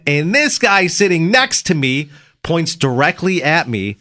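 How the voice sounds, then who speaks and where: A man hosting a morning radio show, telling a story in a casual, animated way and laughing as he goes. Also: fairly high pitch, unhurried, no room sound, clean studio sound.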